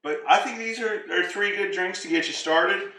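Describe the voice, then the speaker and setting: Relaxed male co-host, low bright voice, far from mic, faint hiss. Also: normal speed. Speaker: cocktail show co-host. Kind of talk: casual live-stream chat. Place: home kitchen, roomy. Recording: echoey kitchen, distant mic, faint noise.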